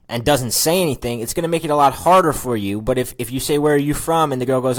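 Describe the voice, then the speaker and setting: A man talks through a recorded lesson on small talk at a middle pitch. He keeps it loose and chatty and slips into quick acted snippets of sample dialogue. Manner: casual and chatty, acts out sample lines. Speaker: dating and conversation coach.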